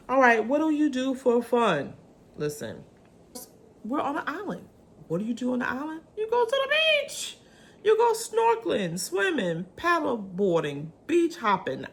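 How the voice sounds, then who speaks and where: A woman vlogger chatting casually to camera in a chatty, animated way, with swooping pitch and many ums.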